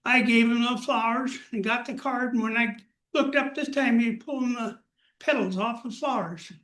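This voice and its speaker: An older man telling a personal story to a live group in a plain, unhurried way. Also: very high voice, steady tone, a bit bright. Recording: echoey room.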